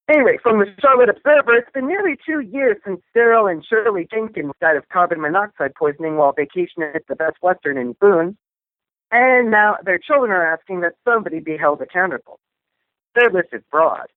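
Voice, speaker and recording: A man reads the day's news in a high, light voice and drops in dry, wry remarks between the stories. The sound is thin and phone-like, with no room in it. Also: big pitch swings, brisk, no echo. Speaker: news show co-host. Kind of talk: casual news commentary. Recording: tinny phone line, dry.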